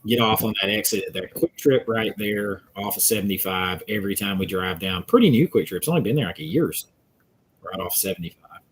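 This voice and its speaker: Husky man chatting on stream. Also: lowish voice, a little fast. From Georgia, US South. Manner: rambling, chatty, reads out viewers' comments. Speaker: channel host answering live chat. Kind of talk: casual livestream chat.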